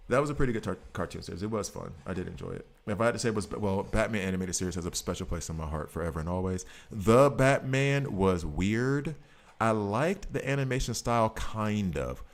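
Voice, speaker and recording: A man's voice: lowish voice, vocal fry. A man streaming a game, chatting casually in a rambling, jokey way. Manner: animated, rambling, jokey, breaks into quick voices. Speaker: gaming streamer. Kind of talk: casual chat while gaming.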